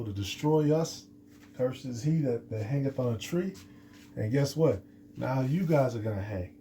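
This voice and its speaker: Very dark-voiced man teaching scripture. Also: mid-range voice, slight background noise. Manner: rambling, many restarts and fillers. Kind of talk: unscripted scripture lesson.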